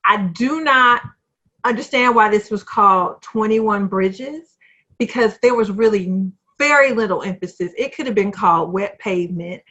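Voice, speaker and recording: Animated woman on a dull, lo-fi mic. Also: mid-range voice, normal speed. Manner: animated, quoting her own thoughts. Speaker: podcast co-host. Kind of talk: casual movie review chat.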